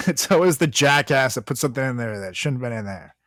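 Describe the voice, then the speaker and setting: Lively, swearing young man ranting. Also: medium pitch, fairly quick, dry recording, studio quality. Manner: profane, ranting, laughs often. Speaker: podcast co-host. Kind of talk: casual chat.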